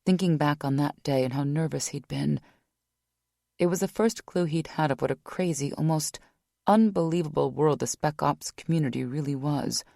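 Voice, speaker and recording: A man narrating an audiobook thriller in a measured, even reading. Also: on the high side, gravelly, dry recording, clean studio sound.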